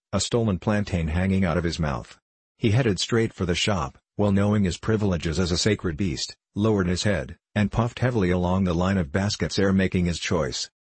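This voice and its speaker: Deep husky male audiobook narrator. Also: darkish tone, dry recording. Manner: measured storytelling. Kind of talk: scripted narration.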